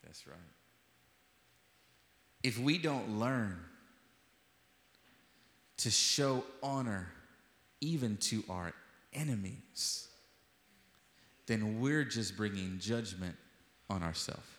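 A man's voice: fairly low pitch, lively intonation, very slow, long pauses, a bit bright. A man preaching an impassioned sermon as pastor, repeating phrases for emphasis. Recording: echoey hall with long reverb.

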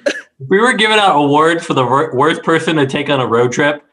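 A man's voice: on the high side, expressive, a little fast, crowd noise. A man co-hosting a podcast, joking about himself with friends. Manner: self-mocking, laughing. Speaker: podcast co-host. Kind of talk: casual chat among friends.

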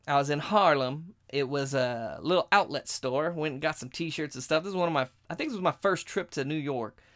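A man hosting a podcast, telling a story as a crude, animated rant. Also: on the high side, brisk. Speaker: podcast host.

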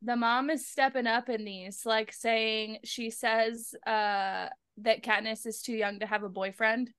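A woman's voice: fairly high pitch, fairly even intonation, a little slow, fairly bright tone, smooth, no room sound, clean studio sound. A young woman chatting casually about a book, pointing out details she noticed. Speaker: podcast co-host. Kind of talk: casual book club chat.

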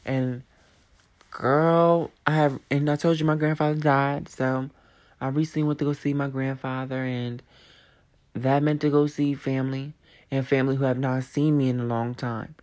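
A woman's voice: a bass voice, steady tone, normal speed, darkish tone. A young woman in her twenties, a podcaster, tells a personal story in a blunt, profane, emphatic way and repeats phrases for force.

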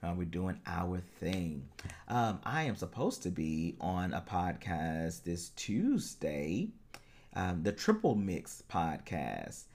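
A man's voice: low voice, very animated, takes it slowly, a little mellow. A man hosting a solo podcast as a life coach, talking in an earnest, encouraging way and laughing easily.

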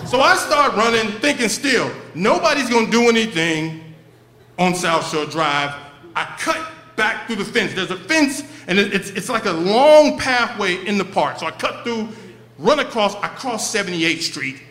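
A man telling a profane, comic story on stage at a live show, in an animated way. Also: high-pitched, moderate pace. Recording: echoey live venue.

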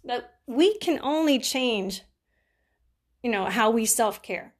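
Chatty caregiver woman, fairly high voice. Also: expressive, slow. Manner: chatty, laughs often, acts out quoted people. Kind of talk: casual advice talk with personal stories.

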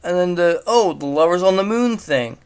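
A man's voice: sits high, animated, moderate pace, a little mellow, smooth. A man giving casual spoken commentary on a movie at home, mocking it with incredulous rhetorical questions. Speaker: movie reviewer. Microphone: home recording.

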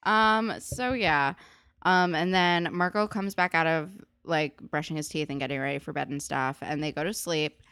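A woman co-hosting a podcast, chatting loosely through an episode recap with lots of "like"s and "um"s and slowing down for emphasis. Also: low voice, fairly even intonation, fairly bright tone, clean tone, dry recording, clean studio sound. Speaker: podcast co-host. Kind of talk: casual recap chat.

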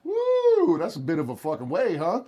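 Husky comic man grilling a witness. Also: fairly high pitch, very animated, quick pace, darkish tone. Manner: crude, mocking, theatrical questioning. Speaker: comic playing a lawyer. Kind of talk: improvised mock courtroom comedy.

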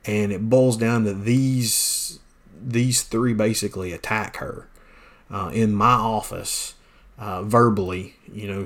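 A man's voice: on the low side, fairly bright tone. A man telling a personal story on his podcast, blunt and plainspoken, with many fillers and restarts. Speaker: podcast host, pastor.

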